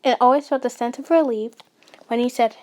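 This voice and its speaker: A woman's voice: on the high side, fairly even intonation, a little fast. A woman reading audio fanfiction aloud in a plain, casual way. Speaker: storyteller.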